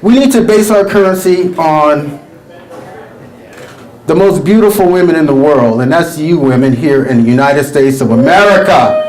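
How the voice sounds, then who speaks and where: High-voiced man doing stand-up, roomy sound. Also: normal speed. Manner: animated, rambling, lots of "you know". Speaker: stand-up comedian. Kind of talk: stand-up comedy set. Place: comedy stage.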